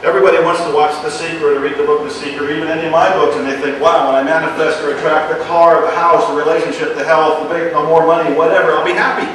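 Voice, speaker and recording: A man giving an earnest motivational talk, slipping into hushed repetitions of his phrases. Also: on the high side, little pitch movement, fast talker, few pauses, a crowd in the background. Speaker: self-help speaker. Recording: very echoey room, speaker far from mic.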